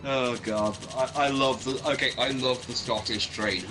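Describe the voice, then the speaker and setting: A man's voice: medium pitch, steady tone, normal speed. A man co-commentating a gameplay session, crude and playful, trading jokes. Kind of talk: casual gameplay chat. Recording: game music underneath. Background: game music.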